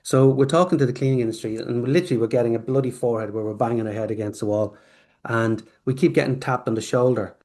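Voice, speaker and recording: A man's voice: medium pitch, fast talker. A man, a company founder, telling a long rambling story as a podcast guest, acting out snippets of dialogue along the way. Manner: rambling, animated, acts out quoted dialogue. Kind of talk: storytelling interview answer.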